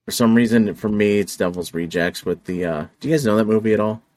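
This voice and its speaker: A man co-hosting a casual podcast chat, retelling movie scenes with animated voices. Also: fairly low pitch, quick pace, dry recording. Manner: animated storyteller acting out film lines. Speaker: podcast co-host.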